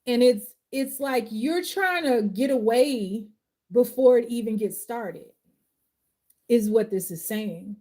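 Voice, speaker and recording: Woman tarot reader live, casual slangy and heartfelt; raised pitch, warm mellow tone. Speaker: tarot reader and life coach.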